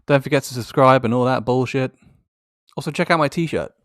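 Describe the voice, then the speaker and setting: A man's voice: mid-range voice, a little fast, dry recording, clean studio sound. A man giving casual, sardonic commentary on tweets, swearing and laughing as he goes. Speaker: YouTuber.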